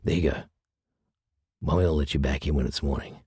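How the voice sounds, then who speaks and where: Man doing a raspy smoker neighbor woman. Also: rumbling low, steady tone, a little fast, dark tone, dry recording, studio quality, full character voice. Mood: gruff. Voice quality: smoker's rasp. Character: rough female neighbor with a smoker's voice.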